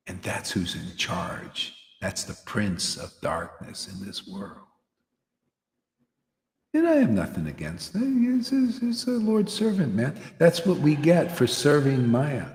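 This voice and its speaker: A man's voice: medium pitch, sing-song, slow, darkish tone, slight background noise. A man preaching informally to a devotional gathering, rambling and peppering his talk with "you know" and "man". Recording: echoey hall with long reverb.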